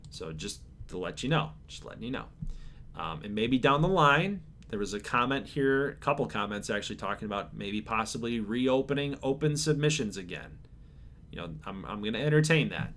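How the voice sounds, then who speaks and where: A man hosting his channel, reading out viewer survey answers in a laid-back, chill way, calling his own voice monotone and chuckling now and then. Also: medium pitch, a little fast, slight background noise. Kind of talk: casual chat to camera.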